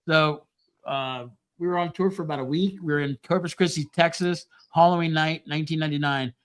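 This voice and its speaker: Middle-aged man, podcast host, casual storytelling, lots of swearing, animated, slightly high voice. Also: fast talker, clear, resonant tone.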